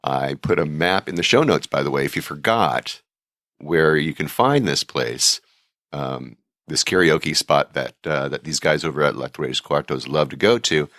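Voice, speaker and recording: A man's voice: very deep voice, expressive, moderate pace, a bit bright, dry recording, studio quality. A man hosting a podcast in a casual, rambling way, chatting and reading listener mail aloud. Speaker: podcast host.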